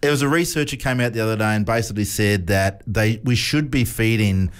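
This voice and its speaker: A man's voice: lowish voice, a little fast, clear, resonant tone. A man hosting a radio show, chatting casually, joking and laughing often.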